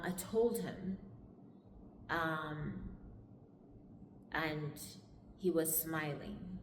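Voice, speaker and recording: Jamaican woman, lowish voice, casual life story, echoey room with long reverb. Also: noisy background. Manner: halting, conversational retelling.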